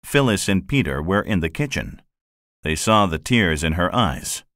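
A man reading a children's classic aloud as narrator, in a measured, expressive manner. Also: deep voice, no room sound, clean studio sound. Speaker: audiobook narrator. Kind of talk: scripted narration.

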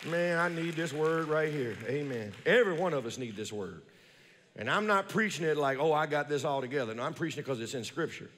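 A man's voice: lively intonation, a little hiss or hum. Man preaching in a reverberant church. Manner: preaching with call-and-response to the congregation, reading scripture slowly; swings from loud high emphasis to low quiet asides. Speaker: pastor. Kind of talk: sermon. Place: church sanctuary. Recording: long reverb of a large church.

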